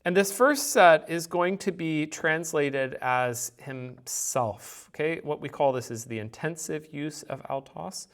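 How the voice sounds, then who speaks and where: Guy teaching greek grammar, talks it through slow and patient, walks through examples. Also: a little high. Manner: thinks aloud, explains patiently with examples. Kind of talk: recorded grammar lecture.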